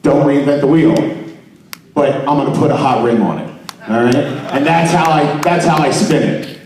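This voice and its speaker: A man's voice: fairly high pitch, normal speed, a little mellow. Joking man echoing in a big hall. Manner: joking, playful, calls on the audience to repeat words. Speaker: presenter at a trade expo. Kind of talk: comedic mock seminar to a live audience. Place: large expo hall with an audience. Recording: echoey hall, voice picked up from far off.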